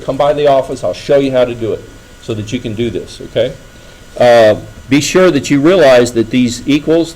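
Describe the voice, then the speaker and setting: A middle-aged man lectures on engineering in a classroom, his mid-range voice a little fast and a little mellow. The recording is low quality with slight background noise. He speaks casually and checks in with the students frequently.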